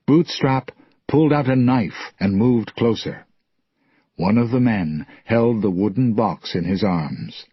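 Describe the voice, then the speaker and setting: Slow husky male story narrator. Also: lowish voice, no echo, highs cut off. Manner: clear, deliberate.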